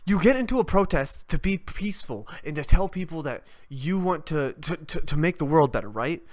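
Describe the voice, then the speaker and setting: A young adult hosting a solo podcast, ranting off the cuff in a profane, rambling way. The voice swings widely between low mutters and high, loud outbursts, with sarcastic asides and laughter at their own jokes. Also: expressive, moderate pace. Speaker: podcast host.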